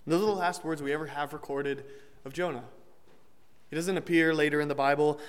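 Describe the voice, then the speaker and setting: A young man preaches in a slightly higher voice, talking through scripture casually with the odd joke and self-correction. His voice rings out with a long reverb tail, as though recorded in a big church hall. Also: fairly even intonation, a little fast, smooth. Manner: conversational, with restarts and light humor. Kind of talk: sermon.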